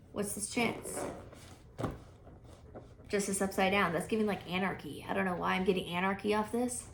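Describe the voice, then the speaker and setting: A woman's voice: mid-range voice, a little hiss or hum. Chatty woman doing a casual tarot reading. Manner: chatty, thinks aloud, frequent fillers and restarts. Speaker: tarot reader.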